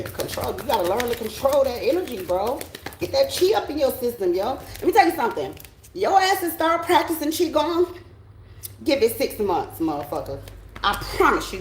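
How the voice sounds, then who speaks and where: A woman's voice: medium pitch, a little mellow, echoey room, a little hiss or hum, low-quality recording. A middle-aged American woman giving a blunt, emphatic spiritual pep talk as a tarot reader, often checking in with her listeners.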